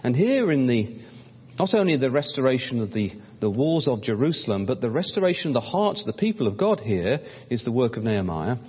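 A man's voice: mid-range voice, big pitch swings, a little fast, slightly rough. A man preaching a Bible-study sermon, reading old-fashioned scripture aloud and calling his listeners brothers and sisters. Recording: dull lo-fi recording in a reverberant hall.

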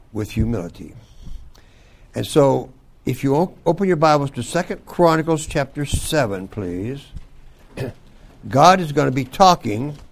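An older man teaching a youth Bible school class, folksy and joking, with loud bursts for emphasis. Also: medium pitch, gravelly. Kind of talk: folksy devotional talk to youth.

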